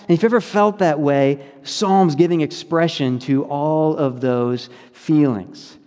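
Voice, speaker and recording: A pastor speaks to his congregation in an earnest, conversational sermon, full of fillers. His voice sits a little high for a man. The sound carries a long reverb from the church sanctuary. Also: measured pace, hardly any pauses, a little mellow.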